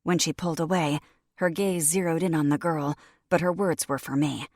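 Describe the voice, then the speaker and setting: A woman narrating a fantasy audiobook in the first person, in a measured, even reading. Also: low-pitched, no room sound, clean studio sound. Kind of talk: scripted narration.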